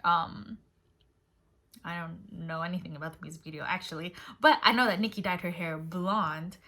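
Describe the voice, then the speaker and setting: Chatty young woman reacting excitedly. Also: fairly low pitch, moderate pace. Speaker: YouTuber reacting to a music video. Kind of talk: casual reaction commentary. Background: faint music from the video.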